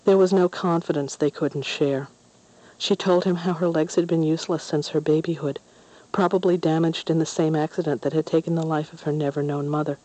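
A woman narrating a storybook in a gentle, measured way. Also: low-pitched, fairly even intonation, no echo, low-quality recording. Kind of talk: storybook reading.

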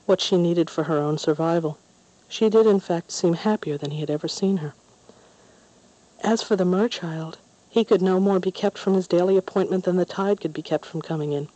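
A woman narrating a storybook in a gentle, measured way. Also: lowish voice, dry recording, rough recording. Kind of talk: storybook reading.

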